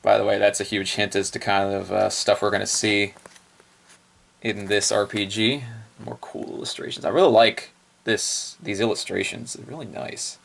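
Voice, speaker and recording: A man's voice: fairly low pitch, fairly even intonation, moderate pace, vocal fry, a bit bright. A man casually reviewing printed books, chatty and off-the-cuff, chuckling often. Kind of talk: casual book review chat.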